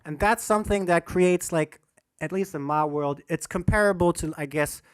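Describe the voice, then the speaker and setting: A man's voice: a little high, moderate pace, clean tone, no room sound, studio quality, faint music behind. A man, a DJ, teaching rhythm in a casual livestream workshop, swearing often and poking fun at himself, alone in a room. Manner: animated, swears a lot, self-mocking. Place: alone in a room under a bright light.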